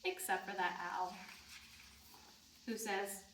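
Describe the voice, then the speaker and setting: A woman librarian reading a picture book aloud to young children, asking them questions in a sing-song, animated way. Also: medium pitch, takes it slowly, slight background noise. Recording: roomy sound, mic at a distance.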